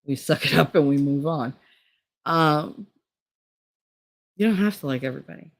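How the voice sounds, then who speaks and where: A woman's voice: low-pitched, normal speed. A middle-aged woman talking candidly in a casual, rambling monologue, laughing often and swearing freely. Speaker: vlogger.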